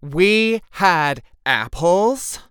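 A man voicing an excitable, blunt young woman who loves cats, in a storybook reading. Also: a little high, moderate pace, smooth, dry recording, clean studio sound, pitched above the performer's own voice. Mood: excited.

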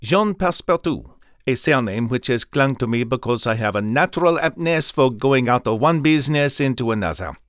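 A man's voice: mid-range voice, lively intonation, moderate pace, fairly bright tone, no room sound, clean studio sound, lightly acted. A man voicing an eager, chatty young male French manservant in a storybook reading, polite and wordy.

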